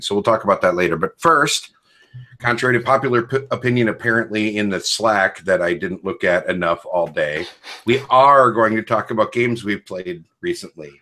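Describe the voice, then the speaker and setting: A man hosts a relaxed podcast chat. He jokes freely and teases the group with playful energy. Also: deep voice, brisk. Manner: playful, joking, animated. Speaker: podcast host.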